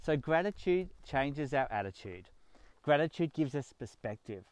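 A man's voice: on the high side, lively intonation, moderate pace, clean tone, dry recording. A man giving a sermon, speaking earnestly and pushing up on his key words. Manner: earnest, emphatic preaching with rising stresses. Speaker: pastor.

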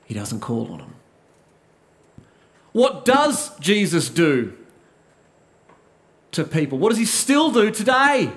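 Slow, high-voiced man preaching. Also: wildly swooping pitch. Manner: rhetorical questions, emphatic repetition. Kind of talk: sermon.

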